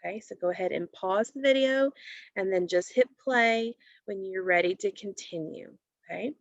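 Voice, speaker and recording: A woman teacher giving a recorded phonics lesson to children, explaining patiently and clearly. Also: medium pitch, moderate pace, dry recording. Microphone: computer mic while screen sharing. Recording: dull lo-fi recording.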